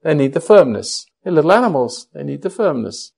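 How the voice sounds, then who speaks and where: A man's voice: a little high, sing-song, fairly quick, vocal fry, a little mellow. An older man counseling a caller, blunt and teasing. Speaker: spiritual teacher answering a caller. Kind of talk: counseling on air.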